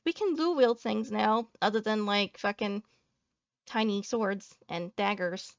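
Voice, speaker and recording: A woman's voice: mid-range voice, a little slow, gravelly, no echo, muffled recording. A woman VTuber giving a salty, profane reaction commentary, ranting and joking at her viewers. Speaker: VTuber streamer.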